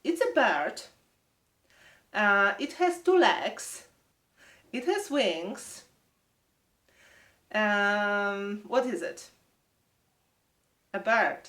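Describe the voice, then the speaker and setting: A woman with a Polish accent teaching English words to young children, slowly drilling each word and prompting them to repeat. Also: mid-range voice, animated, sharp tone, reverberant, recorded from a distance.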